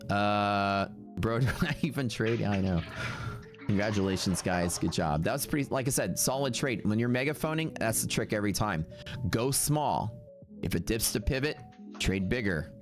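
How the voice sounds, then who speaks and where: A man with a fairly low voice hosts a live trading stream, musing out loud as he checks numbers on his account. He talks in a loose, slangy way and gets upbeat when things go well. Faint music plays behind him. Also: animated, moderate pace. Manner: upbeat, slangy, thinks aloud while reading his account. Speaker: day trading livestream host. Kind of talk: casual livestream commentary.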